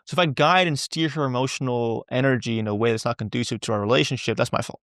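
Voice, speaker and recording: A podcast guest with a gravelly, fry-tinged, mid-range voice speaks fast and candidly in a conversational interview, his tone fairly bright. He rambles, circles back, repeats words, and swears casually. The recording is close and dry with no room sound.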